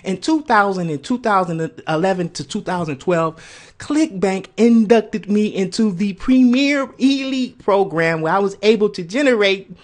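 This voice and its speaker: Excited high-pitched man selling a course. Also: moderate pace. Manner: excited, emphatic, keeps saying "ladies and gentlemen". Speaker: online marketer pitching a course. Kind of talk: sales pitch video.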